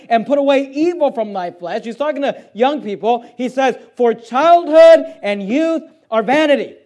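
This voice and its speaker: A male preacher with a very high voice delivers a forceful, emphatic sermon. He reads scripture in quieter stretches, then rises again to drive his points home. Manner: forceful, emphatic, shifts between loud preaching and quieter reading. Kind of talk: fiery sermon with scripture reading.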